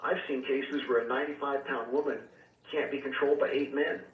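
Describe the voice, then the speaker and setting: A man who is a reverend and exorcist, calling in as a radio guest and earnestly recounting his experiences with measured pauses and fillers. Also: medium pitch, fairly even intonation. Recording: tinny phone line, echoey and distant, faint hiss.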